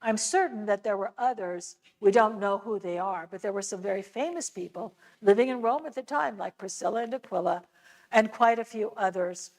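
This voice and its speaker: A woman's voice: medium pitch, moderate pace, poor audio. An American woman giving a conversational church lecture on scripture, explaining with casual asides. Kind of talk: church adult-education lecture.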